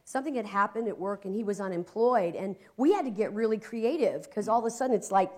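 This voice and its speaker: A woman from Ohio, a guest in casual conversation, telling stories with lively energy and frequent laughter. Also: medium pitch, fast talker. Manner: animated storyteller, voices quotes, laughs a lot. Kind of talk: casual chat, storytelling.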